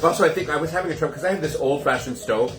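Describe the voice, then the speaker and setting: A man's voice: on the high side, racing, echoey room, over music. A man hosting a casual live cocktail show from his kitchen, chatty and gushing as he greets viewers. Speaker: host of a home cocktail livestream.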